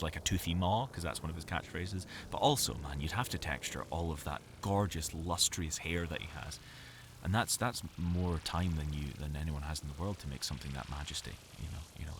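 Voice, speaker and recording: A male voice actor chats in a loose, rambling monologue from his home audio booth. He is jokey and self-mocking. His low voice has a bright, forceful edge and is caught close on a studio mic. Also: a little hiss or hum. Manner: jokey and self-mocking, full of fillers and restarts.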